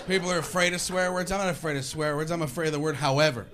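Sarcastic high-voiced male comedian. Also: steady tone, racing, a bit bright. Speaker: stand-up comedian. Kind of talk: stand-up comedy routine. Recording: live stand-up with noise.

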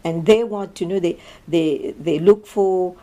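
A woman's voice: lowish voice, a little slow, mellow. An older woman, answering interview questions in a thoughtful, hesitant way with frequent fillers. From Mauritius.

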